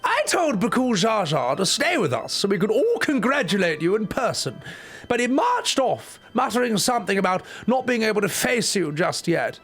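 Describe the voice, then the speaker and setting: A brash young warrior princess, put on by a male streamer, husky with a gravelly edge. Her voice rides high and leaps around as she reads game lines in a playful dub-over. Crude insults slip into the reading. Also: wildly swooping pitch, moderate pace, fairly bright tone, soft background music, full character voice. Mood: eager.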